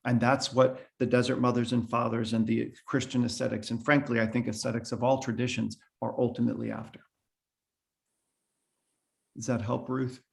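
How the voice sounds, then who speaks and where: Male priest on a video call, gravelly texture, reflective teaching tone, mid pitch. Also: flat delivery, moderate pace. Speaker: priest leading a meditation group.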